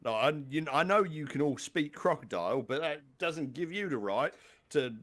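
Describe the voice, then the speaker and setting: A man voicing a grumpy, lonely male crocodile jailer with an English accent, gruff and self-pitying. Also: fairly high pitch, lively intonation, normal speed, fairly bright tone, voice pushed up. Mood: scolding.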